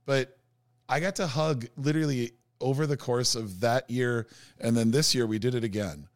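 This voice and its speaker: A man's voice: medium pitch, moderate pace, no echo. A man co-hosting a casual podcast chat, talking with enthusiasm. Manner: enthusiastic, excited.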